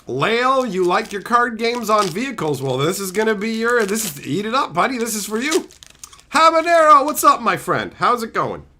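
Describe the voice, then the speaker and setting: A man's voice: high-pitched, expressive, moderate pace, sharp tone, a little hiss or hum. A man live-streaming, chatting casually with viewers in joking, profane banter and reading their messages aloud. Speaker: streamer opening card packs.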